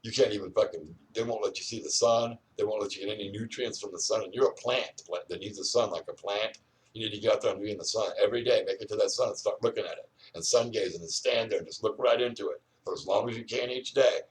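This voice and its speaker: A man's voice: on the low side, fast, distant mic. An older man rambling and ranting outdoors, full of "you know" fillers. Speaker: vlogger.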